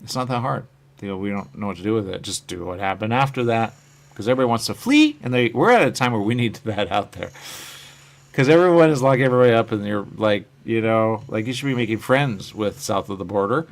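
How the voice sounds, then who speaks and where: A man with a low, gravelly voice chats loosely on his live stream, musing aloud about his comic work. He reads out viewer comments and answers them, his sentences wandering and fading off softly at the end. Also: lively intonation, fast talker. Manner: musing and meandering, trailing off quietly at phrase ends. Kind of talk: rambling casual live-stream chat.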